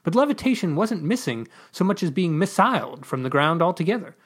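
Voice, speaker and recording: Lively, expressive story reader. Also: mid-range voice, fairly quick. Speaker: writer and podcast co-host. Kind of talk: reading his own story aloud.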